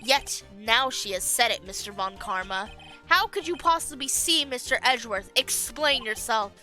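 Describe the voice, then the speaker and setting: A woman's voice: a little high, animated, normal speed, bright, forceful tone, faint music behind. A woman voicing an earnest young male defense lawyer pressing a witness, in a game playthrough. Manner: firm, pressing objections.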